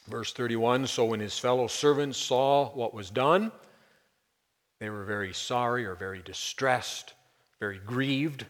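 A male pastor preaches an expository sermon in a relaxed, conversational way, leaning hard on key words. His voice sits at an ordinary pitch for a man. It rings out with the long reverb of a big hall. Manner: conversational, emphatic, with brief chuckles.

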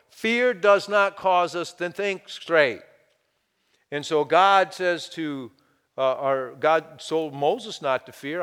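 A man preaching a sermon, firing rhetorical questions at his listeners and dropping to a hushed voice now and then. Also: high voice, a little slow, clear, resonant tone, big-room sound. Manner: animated preaching, rhetorical questions, sudden drops to hushed tones. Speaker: pastor.

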